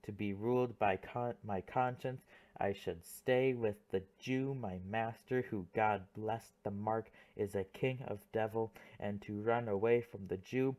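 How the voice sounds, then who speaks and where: A man's voice: fairly low pitch, steady tone, a little slow, a little mellow, natural voice. A man voicing a comic young clown servant, rambling through a monologue in an audiobook play reading.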